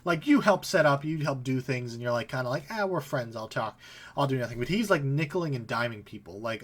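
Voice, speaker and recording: A man's voice: mid-range voice, expressive, a little fast, fairly bright tone. A man narrating as game master of a tabletop game, casual and often laughing. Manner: casual, laughing, voices figures briefly.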